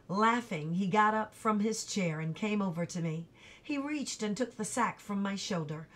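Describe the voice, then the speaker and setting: A woman reading a chapter of a novel aloud in an even, unhurried storytelling manner. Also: mid-range voice. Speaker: audiobook reader.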